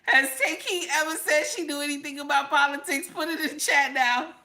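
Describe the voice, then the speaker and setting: Woman, live-stream vlogger, high voice, talks to chat, repeats lines. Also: a little fast, very noisy. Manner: repeats herself, talks straight to chat viewers. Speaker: vlogger reacting to videos and chat. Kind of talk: casual live-stream commentary.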